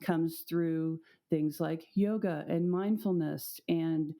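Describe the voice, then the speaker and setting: A woman's voice: low-pitched, fairly even intonation, slow, warm tone. A woman in her fifties, a school psychologist guest, chatting casually and explaining with many affirming murmurs. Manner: affirming, explanatory, frequent "mm-hmm". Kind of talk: casual chat.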